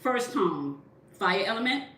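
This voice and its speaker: Seated at an indoor desk, a woman reads tarot for her viewers, walking through every point and pausing to ask "okay?" Her pitch swings widely and her pace stays measured, with loud music playing behind her in an echoey room, picked up by a distant mic over a faint rumble.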